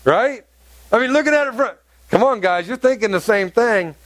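Male pastor, high voice, animated conversational sermon, dry close recording. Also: normal speed, dry recording. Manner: conversational, animated preaching with acted-out quotes.

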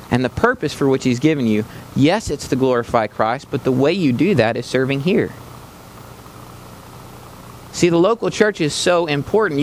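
In a church, a visiting missionary with a mid-range voice preaches with passion, pushing toward emphatic peaks while addressing the congregation directly. A little hiss or hum is audible.

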